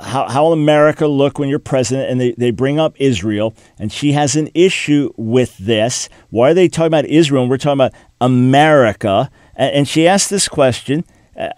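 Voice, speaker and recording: A man's voice: mid-range voice, darkish tone, no echo, studio quality. A middle-aged man hosting a talk show, delivering an earnest commentary and speaking directly to the person he criticizes, often repeating words as he goes. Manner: earnest, addresses the absent subject directly with many repeated words. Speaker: radio talk show host. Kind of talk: commentary monologue.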